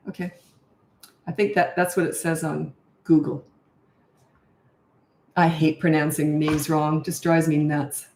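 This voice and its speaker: A woman's voice: sits low, level tone, unhurried, gravelly, pauses often, darkish tone, reverberant. An older woman, a parenting coach, answering viewer questions in a frank, chatty live Q&A and thinking aloud as she goes.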